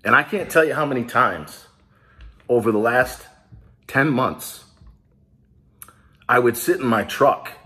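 His medium-pitched voice is a little slow and sharp in tone, broken by frequent pauses. In this casual small business vlog, he talks directly to viewers, hyping and rallying them before growing emotional.

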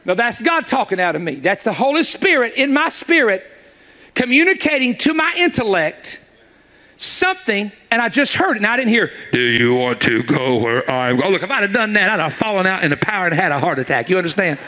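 A man preaching a sermon to a church congregation, telling stories with jokes and quick asides to his listeners. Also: high-pitched. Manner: animated, joking storyteller with quick asides; speaks directly to the audience.

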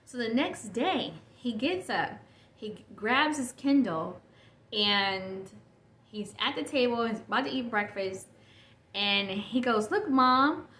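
This podcast host, a woman in her thirties, talks casually on her own show, wandering off topic and fixing her own words. She takes her time, her fairly high, bright voice rising and falling lively. Faint noise and echo fill the room.

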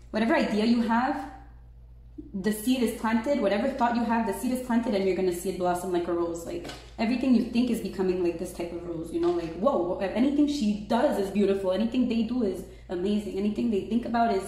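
Excitable woman doing a tarot reading, mellow voice, lots of "like", big echoey room. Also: mid-range voice, a little fast. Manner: chatty, excitable, lots of "like" and "right?". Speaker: tarot reader.

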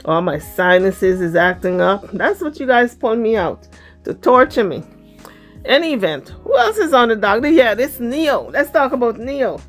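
A woman giving casual celebrity gossip commentary in a sassy, blunt, slangy way, her voice slightly hoarse. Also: on the high side, very animated, normal speed, faint music behind.

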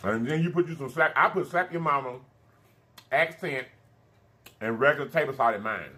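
A man's voice: medium pitch, sharp tone. A thirty-year-old man, hosting a casual eating show, chatting to viewers between bites and calling them honey and baby. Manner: chatty, drawn-out "honey" and "baby" asides, hums while eating. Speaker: mukbang host.

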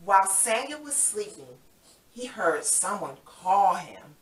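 Very animated but slow, a woman with a mid-range voice guides young children through a Bible story as their Sabbath School teacher, coaxing them and playfully acting it out. The audio comes from a distance in an echoey room.

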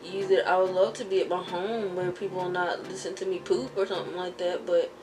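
Speaking a little fast in a low-ish, level voice, a young woman vlogs at home over background noise. The beauty vlogger does her makeup while rambling through chatty stories and laughing often.

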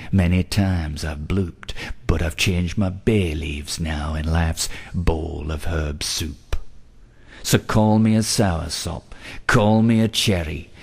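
A man's voice: low-pitched, heavily acted. A man voicing a lovestruck young man who gushes flowery endearments. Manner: theatrical, over-the-top romantic.

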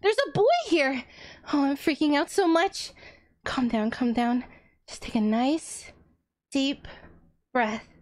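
A woman's voice: expressive, slow pace, long pauses, a little mellow. A woman voicing a giddy, boy-crazy young woman who gushes breathlessly, in a comic reading of a viewer redeem. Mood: gushing. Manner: breathless, gushing, squealing up high.

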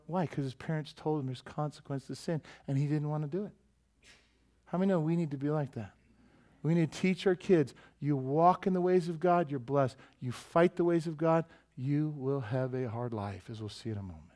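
A middle-aged man preaching in a church sanctuary with a slightly high-pitched voice. He keeps it conversational and full of jokes, often dropping into little quoted voices. The tone is that of a pastor chatting with his congregation. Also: a little mellow. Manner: conversational, joking, quick shifts into quoted voices. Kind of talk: sermon.

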